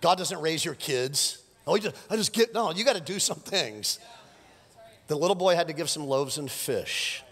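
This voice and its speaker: A middle-aged man preaching a sermon as pastor, animated and joking with the congregation. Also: on the high side, moderate pace, slightly rough. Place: church sanctuary. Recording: live church sermon with long reverb.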